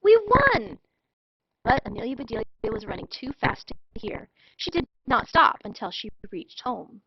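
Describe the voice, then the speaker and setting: A woman reading a children's storybook aloud in an expressive, animated way. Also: fairly high pitch, normal speed, gravelly, husky, no room sound. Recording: dull lo-fi dry sound.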